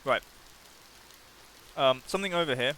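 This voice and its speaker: A man's voice: medium pitch, normal speed, fairly bright tone, slight background noise. A man streaming a video game, chatting playfully and reading the game's text aloud, often restarting his sentences.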